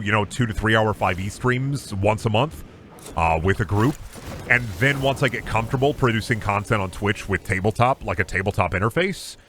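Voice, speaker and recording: A man's voice: lowish voice, fairly bright tone, a little hiss or hum. A man streaming a game, chatting casually in a rambling, silly, self-deprecating way. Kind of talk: casual chat while gaming.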